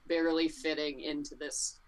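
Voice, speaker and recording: A woman with a low voice runs a tabletop game, narrating scenes for the players. She talks in a relaxed way, with plenty of ums and uhs as she thinks ahead. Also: normal speed. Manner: relaxed, full of fillers. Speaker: game master.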